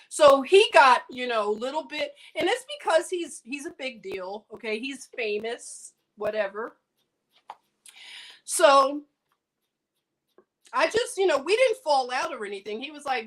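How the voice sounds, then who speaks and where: A woman hosts a livestream and tells a story in a casual, animated way. Her voice is high, and her delivery is emphatic, with bursts of indignation. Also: unhurried, long pauses. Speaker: livestream host.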